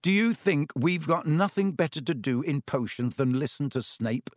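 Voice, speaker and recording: A man's voice: on the high side, lively intonation, no room sound, studio quality, voice pushed up, natural voice. A man doing a sarcastic, grumpy schoolboy. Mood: grumbling. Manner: sarcastic, irritable, drawn-out.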